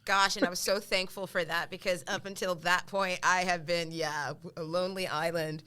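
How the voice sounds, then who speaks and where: A woman's voice: fairly low pitch, fairly even intonation, moderate pace, pushed and bright, smooth. An American woman co-hosting a podcast, chatty and encouraging, asking her guest questions. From United States. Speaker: podcast co-host. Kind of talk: casual podcast chat.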